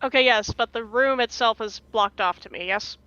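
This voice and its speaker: A woman's voice: fairly high pitch, normal speed, bright, forceful tone, clean tone. A woman playing a tabletop game, chatting casually and giggly, swearing freely. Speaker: player. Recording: dull, dry home mic.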